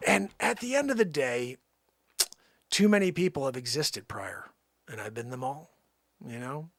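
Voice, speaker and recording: A man playing a boastful male time traveler who claims famous past lives, rambling with shouting outbursts. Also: medium pitch, animated, takes it slowly, pauses often, no room sound, pitched below the performer's own voice, exaggerated voice. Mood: hushed bragging.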